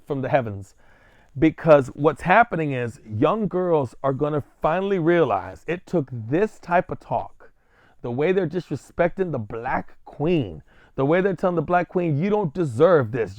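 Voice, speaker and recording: A man hosting his own vlog, ranting in a blunt, crude, provocative monologue with sudden jumps in pitch. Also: darkish tone, no room sound. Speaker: vlog host.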